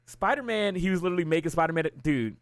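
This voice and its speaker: Slightly high-voiced, profane ranting man. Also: quick pace, clean tone, no room sound. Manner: profane, ranting, animated storytelling. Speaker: livestreamer. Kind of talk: casual chat.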